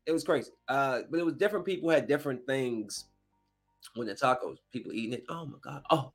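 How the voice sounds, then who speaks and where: A man's voice: mid-range voice, fast, faint music behind. Rambling man retelling a film. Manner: rambling, animated, acts out the characters' lines. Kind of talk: casual retelling of a movie plot.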